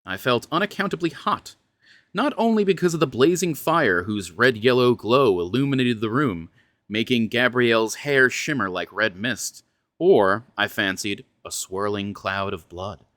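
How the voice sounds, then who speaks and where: A man's voice: medium pitch, lively intonation, a little slow, a bit bright, no room sound. A man reading a fantasy horror novel aloud, breaking off now and then for chatty, stumbling asides. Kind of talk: dramatic book reading with casual asides.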